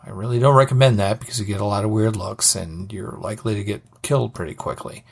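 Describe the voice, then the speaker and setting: A man's voice: on the low side, fast talker, vocal fry, slightly rough. A man hosting a scripted advice segment, answering a listener question in a friendly way with puns.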